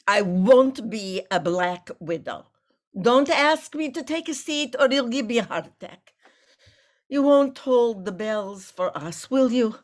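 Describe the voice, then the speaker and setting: Actress doing a chatty older wife at the hospital, nervous rambling, slow unhurried talk. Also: female voice, medium pitch. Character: aging chatty wife visiting her sick husband. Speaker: actor in a play reading. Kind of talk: staged play reading.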